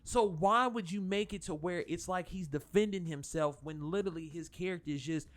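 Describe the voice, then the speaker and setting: A man with a slightly higher voice talks through a film review in a loose, rambling way. He swears freely and loses his thread, circling back with fillers and restarts. Faint music plays under him. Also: fairly quick, hardly any pauses. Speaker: channel host reviewing a film. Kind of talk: casual spoken review.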